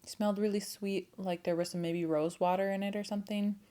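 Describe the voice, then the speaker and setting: A woman's voice: mid-range voice, steady tone, fairly quick, dark tone. A young woman casually retelling a folktale, chatty and swearing, with laughing asides and playful voiced quotes. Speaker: storyteller and channel host.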